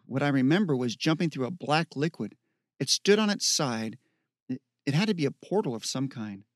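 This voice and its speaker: A man voicing a stubborn, quick-tempered teenage boy who sounds defensive and exasperated. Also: mid-range voice, lively intonation, no room sound, clean studio sound, lightly acted. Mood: puzzled.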